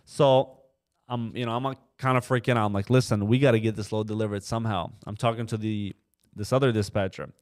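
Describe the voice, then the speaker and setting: A man's voice: lowish voice, steady tone, a little fast. A young man telling a story in a casual podcast interview, acting out the voices of the people he quotes and leaning on fillers like "you know". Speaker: trucking company co-owner, podcast guest.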